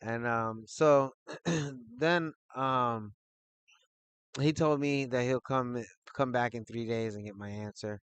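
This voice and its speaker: A man recounts a personal anecdote in loose, casual talk, full of ums and likes. His voice sits at a middle pitch and sounds close and dry, with no room around it. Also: slow pace, clean tone, dry recording. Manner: rambling, filler-heavy, animated retelling. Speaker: channel host telling a personal story.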